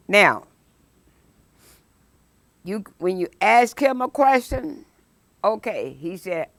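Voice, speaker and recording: A woman teaching a Sunday school lesson, preaching emphatically and breaking into loud exclamations. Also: medium pitch, sing-song, no room sound. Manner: emphatic, rises to shouted exclamations; slow, deliberate phrasing.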